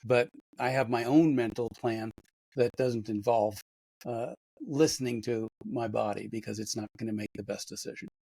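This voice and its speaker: Calm male podcast host, dry close sound. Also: medium pitch, moderate pace, creaky, husky, no echo. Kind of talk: casual interview chat.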